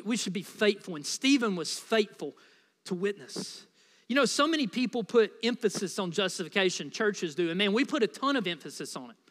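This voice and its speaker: High, bright-voiced preacher man. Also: in a large hall. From United States. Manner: conversational, playful preaching with frequent asides. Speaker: pastor. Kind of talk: sermon.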